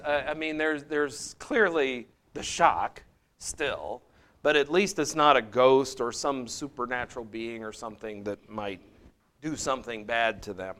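A man's voice: mid-range voice, a little slow, a bit bright. A middle-aged man leading a Bible study, talking conversationally with asides and restarts, and lifting his voice when he reads scripture aloud.

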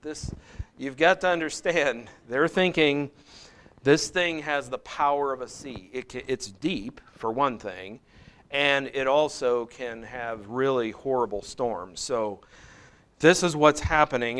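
A man's voice: medium pitch, slow, clean tone. Middle-aged male Bible teacher, casual and conversational, with emphatic scripture readings. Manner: relaxed and conversational, with frequent restarts and asides; reads scripture aloud in a rising, emphatic voice.

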